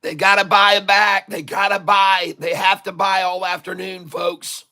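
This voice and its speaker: A man hosting a live day-trading stream, hoarse from long hours of talking, who coaches viewers in a folksy way, repeats his instructions and keeps calling them folks. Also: high-pitched, little pitch movement, normal speed, bright, forceful tone. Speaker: day-trading livestream host. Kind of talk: live trading commentary to chat.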